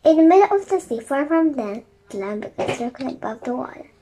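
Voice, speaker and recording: High-voiced woman reading a chapter book. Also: expressive, fairly quick, mellow, a little hiss or hum, low-quality recording. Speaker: storybook reader.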